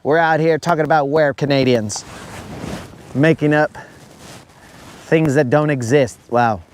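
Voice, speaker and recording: Man, high voice, slow rambling jokes, fishing livestream, boat outdoors, faint boat and water noise. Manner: rambling, goofy, says "bro" a lot. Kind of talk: casual joking chat.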